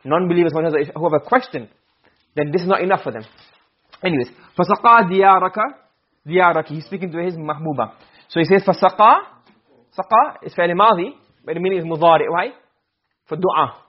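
Husky, high, fast-talking male teacher. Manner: asks questions and answers them himself; chants Arabic verse quickly between English explanations. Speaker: Arabic rhetoric teacher. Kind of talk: classroom lecture. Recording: dull lo-fi recording.

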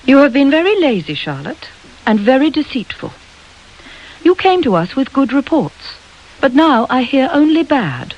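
A cold, stern headmistress, put on by a woman storyteller, her voice pitched up and sharp with disapproval. She scolds in measured, icy tones on a slightly muffled recording. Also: very animated. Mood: scolding.

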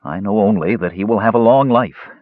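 A man's voice: fairly low pitch, fairly quick, dry recording, close to an everyday voice. A man voicing a stern, guarded male half-elf swordsman who speaks firmly and sometimes growls. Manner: firm, growling. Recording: slightly dull lo-fi audiobook recording.

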